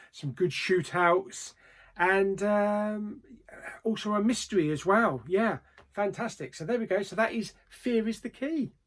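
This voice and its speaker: A man reviewing films in a casual vlog, plain-spoken, with frequent ums and trailing pauses. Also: sits high. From Australia. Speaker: movie reviewer.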